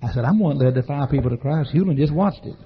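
A man who is a Baptist preacher, telling a folksy, animated story in a sermon and acting out the shouting and laughter. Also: a little high, fast. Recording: dull lo-fi recording.

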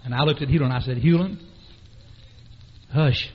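A man who is a Baptist preacher, telling a folksy, animated story in a sermon and acting out the shouting and laughter. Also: medium pitch, normal speed, a little hiss or hum. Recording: dull lo-fi recording.

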